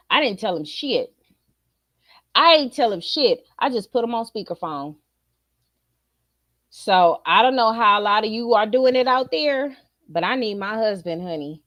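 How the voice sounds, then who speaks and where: A middle-aged woman streamer giving a blunt, profane, animated opinion rant to her viewers. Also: fairly high pitch, a little slow, pauses often, dry recording, clean studio sound.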